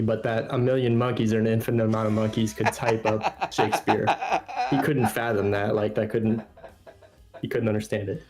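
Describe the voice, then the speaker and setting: A man's voice: medium pitch, darkish tone. A man calling into a live show, friendly and chuckling as he tells a story. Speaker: caller. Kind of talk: casual chat over a call.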